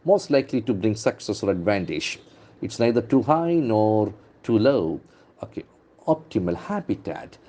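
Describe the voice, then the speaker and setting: A middle-aged man leads an English lesson, going through newspaper words and repeating each one to show where the stress falls. His voice sits low and sounds dark and mellow. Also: animated, moderate pace. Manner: drills pronunciation by repeating words with stressed syllables. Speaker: English trainer.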